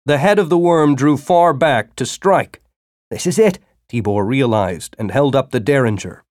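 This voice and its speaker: A man narrating a science-fiction story as an audiobook, with expressive storytelling. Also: medium pitch, normal speed, no room sound, clean studio sound.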